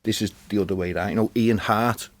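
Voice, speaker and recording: A man's voice: lowish voice, fairly even intonation, fairly quick, dry recording. A man with a Liverpool Scouse accent, talking casually as a podcast guest, laid-back and often trailing off. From Liverpool, England. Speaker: podcast guest, spoken word performer. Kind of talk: casual chat. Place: recording studio.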